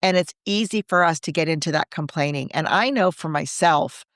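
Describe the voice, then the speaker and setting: A woman with a low voice speaks fairly quickly in a dry, studio-quality recording. She's a Catholic coach who co-hosts a podcast, chatting conversationally in an earnest, reflective way and frequently building lists and rhetorical questions.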